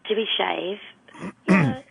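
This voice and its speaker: An English woman on a talk radio show chats casually and breaks into giggles. Her voice sits at a middle pitch. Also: slow, vocal fry, husky, poor audio. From England. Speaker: guest.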